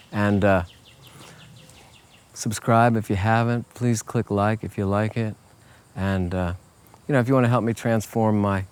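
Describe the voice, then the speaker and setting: Folksy man chatting casually to camera. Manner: relaxed, folksy, peppered with "okay?" and "you know"; acts out quoted voices in a higher pitch. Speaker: life coach. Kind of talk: casual motivational talk to camera.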